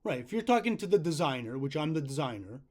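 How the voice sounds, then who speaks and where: A man's voice: a little high, sing-song, quick pace, darkish tone. A man, a self-publishing author, making a frustrated complaint call to customer support and often tagging his points with "right?". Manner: frustrated, insistent, keeps asking 'right?'.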